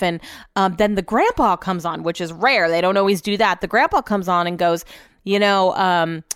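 A woman's voice: mid-range voice, a bit bright, smooth, no room sound, studio quality. A young woman hosting a podcast, telling stories in casual chat, chatty and emotional with frequent swearing. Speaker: podcast host.

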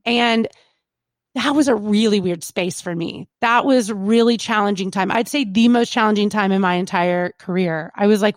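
A woman in her thirties, a radio personality, telling stories in a casual interview, chatty and animated with plenty of fillers. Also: mid-range voice, normal speed, no room sound. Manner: animated, chatty, lots of fillers and quoted asides.

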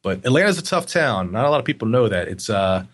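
A man in a casual interview, telling stories in a rambling, animated way with lots of fillers. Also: fairly low pitch, fast talker. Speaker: agency guest.

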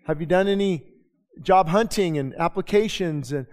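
Preaching in an easygoing, conversational style, a male pastor fires off rhetorical questions and passing comments. His slightly high voice is a little mellow, and a church sanctuary lends it a long reverb.

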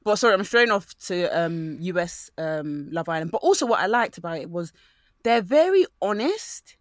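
A woman co-hosting a podcast in casual chat, talking in an animated way and mimicking the people she quotes. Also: lowish voice, normal speed, dry recording, clean studio sound.

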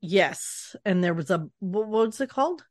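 A woman's voice: medium pitch, expressive, measured pace, no echo, studio quality. A woman co-hosting a podcast, chatting casually and enthusiastically, often restarting her sentences. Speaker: podcast co-host. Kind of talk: casual chat.

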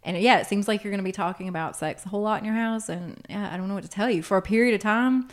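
A woman's voice: medium pitch, very fast. A woman who counsels teens, talking frankly and with animation in casual podcast chat, with laughing asides.

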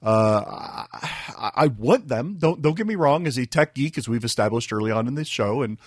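A man's voice: mid-range voice, animated, moderate pace, no room sound, clean studio sound. A man co-hosting a tech radio show, chatting and explaining things step by step with frequent restarts. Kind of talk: casual tech radio chat.

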